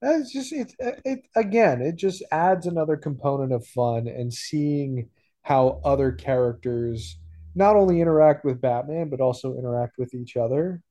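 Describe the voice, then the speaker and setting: Male podcast co-host, warm and mellow, hesitant and reflective delivery. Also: mid-range voice, normal speed. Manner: thoughtful, hesitant with many fillers. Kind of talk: casual discussion.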